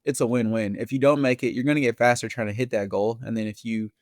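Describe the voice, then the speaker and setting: A man's voice: mid-range voice, quick pace, no room sound, studio quality. A man, a marathon runner, chatting casually as a podcast guest and telling stories with easy laughs. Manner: relaxed storyteller, laughs easily. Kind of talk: casual interview chat.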